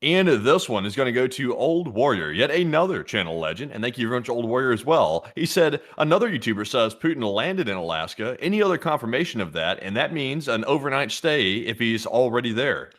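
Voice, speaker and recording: A man's voice: mid-range voice, sing-song, a little fast, hardly any pauses, fairly bright tone. A man co-hosting a casual news livestream, chatting and reading out viewer messages. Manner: chatty, laughs along. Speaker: co-host reading viewer super chats. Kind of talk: casual chat.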